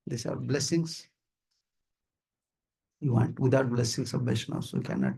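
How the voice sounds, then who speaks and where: A man with an Indian accent preaches informally to a small gathering in a house, with a gravelly and somewhat husky voice. He repeats key phrases for emphasis and keeps asking his listeners whether they understand. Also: medium pitch, big pitch swings, normal speed, a little mellow. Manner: repetitive, emphatic, asks listeners "you understand?", chuckles often. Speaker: visiting swami giving a talk. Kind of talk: informal sermon to a small group.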